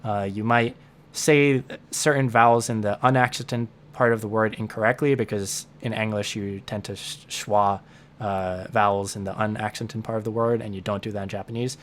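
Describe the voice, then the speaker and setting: Low-voiced man explaining a lesson. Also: steady tone, moderate pace. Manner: thinks aloud, repeating words as he restarts. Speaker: language learning teacher.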